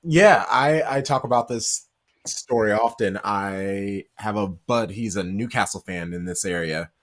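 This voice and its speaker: A man hosting a stream, chatting casually and telling an animated story in which he acts out quoted lines. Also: lowish voice, measured pace. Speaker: stream host. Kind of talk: casual chat.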